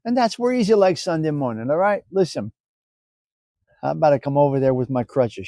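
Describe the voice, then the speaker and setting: A middle-aged man hosts a live stream in loose, foul-mouthed banter with his chat. His voice sits a little high for a man yet sounds mellow and relaxed. The sound is dry and close, with no room around it. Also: a little fast, dry recording. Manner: loose, profane, joking banter. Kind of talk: casual chat with live chat viewers.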